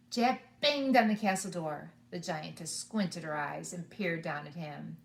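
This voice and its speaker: A woman preschool teacher reading a storybook to children, animated and inviting them to join in. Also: on the low side, a little slow, creaky, few pauses, echoey room. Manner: animated, asks the children along.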